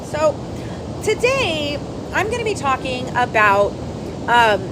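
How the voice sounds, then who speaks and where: A woman's voice: sits high, big pitch swings, slow, noisy background. A chatty woman hosting a livestream. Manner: repeats herself, talks to viewers in the chat, upset and restless. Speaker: livestream host. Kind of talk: casual livestream chat.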